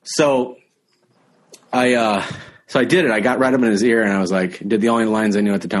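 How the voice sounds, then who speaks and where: A man who is a guest comedian, telling an anecdote in a quick, animated way. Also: lowish voice. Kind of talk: casual anecdote.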